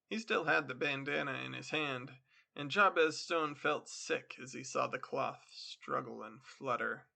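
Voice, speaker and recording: A man hosting a podcast, reading a classic story aloud in a steady storytelling manner. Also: medium pitch, measured pace, creaky. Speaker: podcast host and story reader. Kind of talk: literary reading.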